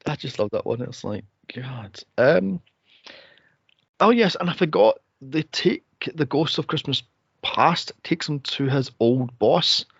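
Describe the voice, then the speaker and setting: A man co-hosting a podcast, chatting casually about a movie, laughing and acting out scenes in high, silly voices. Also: measured pace, gravelly, husky, no room sound, lo-fi sound. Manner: laughing, animated retelling with squeaky impressions. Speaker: podcast co-host. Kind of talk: casual movie-review chat.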